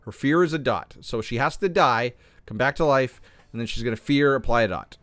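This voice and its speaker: Hoarse man thinking aloud over patch notes. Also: medium pitch, brisk, a bit bright, dry recording. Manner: thinks aloud, restarts and self-corrects. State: slightly hoarse. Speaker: gaming content creator. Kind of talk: reading and discussing game patch notes.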